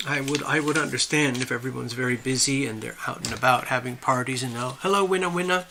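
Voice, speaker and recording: This American livestream host talks fast at a medium pitch with vocal fry, and the background is noisy. Setting up at home, he rambles in a friendly way, reading viewer comments and welcoming people by name.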